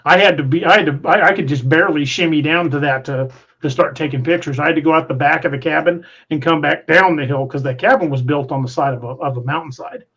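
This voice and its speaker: Man, podcast host, casual rambling chat, frequent restarts, fairly high voice, dull lo-fi sound. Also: quick pace, a bit bright, slightly rough. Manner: rambling storyteller with many restarts. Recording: muffled lo-fi audio.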